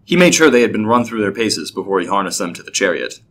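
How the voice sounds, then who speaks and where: A man narrating a scripted story in a steady, even way. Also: on the low side, fast.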